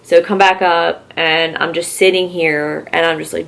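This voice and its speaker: A young woman vlogger from Philadelphia rambles through a casual story, filling it with "like" and curse words. Her voice sits a little low and has a gravelly, fry-laced edge. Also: little pitch movement, takes it slowly, few pauses. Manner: rambling, full of "like" and swearing. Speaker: horror vlogger.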